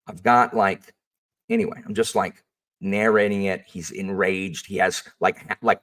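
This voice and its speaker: A low-pitched man talks casually about his teaching, animated and rambling, with plenty of fillers. He sits at some distance from the microphone. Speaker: history teacher. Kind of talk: casual storytelling chat.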